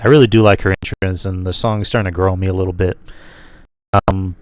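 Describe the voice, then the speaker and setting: Guy with a lowish voice rambling on a wrestling podcast, lots of ums, dry close mic. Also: fairly even intonation, fast, a little mellow, dry recording. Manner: rambling, many fillers and restarts. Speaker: podcast host. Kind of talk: casual wrestling review chat.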